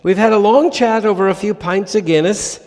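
A man's voice: normal speed, natural voice. A man putting on a cheeky Irish pub man. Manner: put-on Irish voice, high and loud. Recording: long hall reverb.

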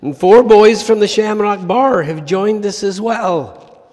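A man voicing a cheeky Irish pub man on the phone, putting on a high, loud Irish voice. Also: takes it slowly. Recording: long hall reverb.

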